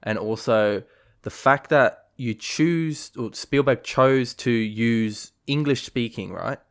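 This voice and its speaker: A man's voice: medium pitch, slow pace, smooth. A man co-hosting a podcast, chatting casually about a film, rambling with fillers and restarts. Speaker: podcast co-host.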